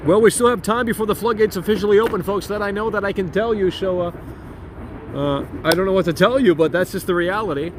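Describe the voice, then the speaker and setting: A man's voice: sits high, quick pace, noisy background. A man hosting a casual livestream outdoors on a phone, ranting brashly, profanely and repetitively. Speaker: streamer and host.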